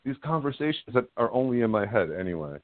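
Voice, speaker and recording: Over a dry, tinny phone connection with no room sound, a middle-aged man calls in as a guest, talking fast in a sing-song, mid-range voice. He rambles frankly through a personal story, laughing at his own expense.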